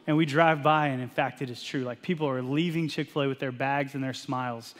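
Pastor preaching in a reverberant hall. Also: male voice, mid-range voice, fairly quick. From Texas. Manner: animated, self-deprecating, acts out family dialogue. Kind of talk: sermon with personal storytelling.

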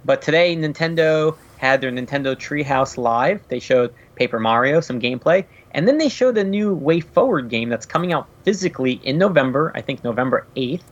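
A man's voice: medium pitch, animated, brisk, few pauses, lo-fi sound. A man co-hosting a casual video game podcast, chatting loosely with lots of "like" fillers. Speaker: podcast co-host. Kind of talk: casual chat.

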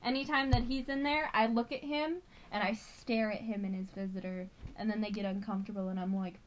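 A woman co-hosting a podcast who tells stories about her work as a prison officer in an animated, swearing way. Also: medium pitch, fairly quick, few pauses, poor audio. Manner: animated, swears freely, acts out quoted voices. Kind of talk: casual storytelling chat.

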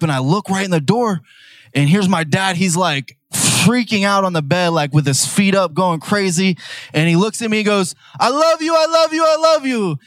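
A young man preaching a sermon, telling a personal story in a casual, conversational way and building to loud, emphatic declarations. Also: medium pitch, no room sound, studio quality.

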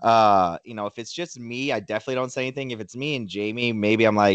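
A young man co-hosting a casual sports podcast, laid-back and hedging, often trailing off quietly. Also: on the low side, very animated, quick pace, few pauses, smooth, dry recording. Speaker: podcast co-host.

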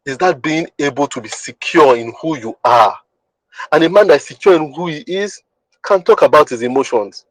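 A man hosts a podcast, delivering a teaching monologue in an emphatic, repetitive way and often asking listeners whether they understand. His pitch is fairly high and his speed normal. The recording is rough but has no echo.

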